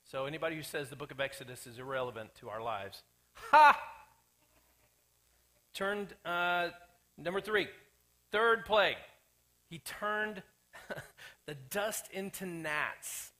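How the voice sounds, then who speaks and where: A man preaching a sermon as pastor, animated, joking and acting out the people in the story. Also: high-pitched. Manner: animated, acts out quoted characters, jokey asides. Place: church sanctuary.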